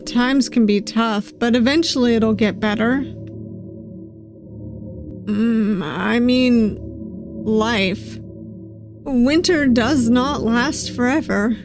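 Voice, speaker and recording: Slow, musing woman streamer. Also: fairly high pitch. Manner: musing, reads lines slowly with soft asides. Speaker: VTuber game streamer. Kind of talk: reading game dialogue aloud with commentary. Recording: game music playing behind voice.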